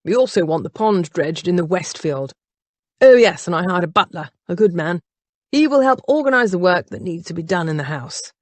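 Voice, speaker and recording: A woman's voice: lowish voice, animated, normal speed, no room sound. Woman doing a stiff, demanding young earl. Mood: firm. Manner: firm, demanding.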